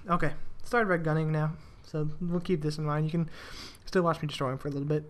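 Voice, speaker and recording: Talking fast over a video game, this young man spins rambling stories from his job, with restarts and an occasional curse. His voice is a touch high and his intonation fairly even.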